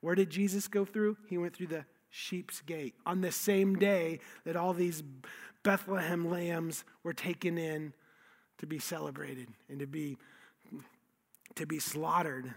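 A man's voice: on the high side, fairly even intonation, a little slow. A man preaching a sermon, telling the story with emphasis and repeating key phrases. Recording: long hall reverb.

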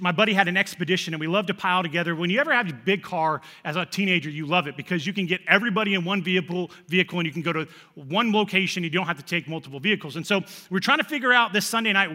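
High, bright-voiced pastor. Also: male voice, in a large hall. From central Illinois, USA. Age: 30s. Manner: animated, repeats words and restarts phrases. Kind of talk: sermon storytelling.

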